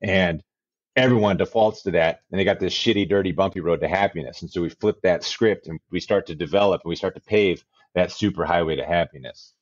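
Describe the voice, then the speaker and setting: Deep-voiced man in his forties, earnest. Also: a little fast, dry recording, dull audio. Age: 40s. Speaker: interview guest, life coach. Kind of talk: reflective personal storytelling.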